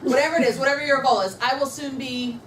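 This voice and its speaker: A brisk, upbeat woman running a motivational sales training and getting the room to repeat affirmations after her. Her voice sits a little high. She is recorded from a distance in a roomy, echoey space. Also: steady tone, a loud crowd. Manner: upbeat, coaching, leads the audience in repeating affirmations. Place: meeting room with a live audience.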